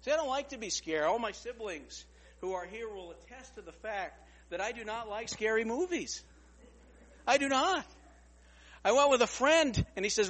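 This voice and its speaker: Animated high-voiced male preacher. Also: normal speed, long reverb tail. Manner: animated, repeats words, acts out other people's lines. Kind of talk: storytelling sermon.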